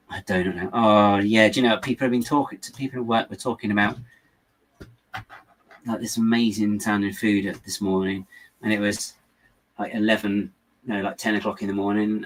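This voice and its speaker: Husky-voiced man chatting casually. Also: fairly low pitch, a bit bright. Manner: rambling, self-amused, chats to viewers. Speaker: livestream host building LEGO. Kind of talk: casual chat while building.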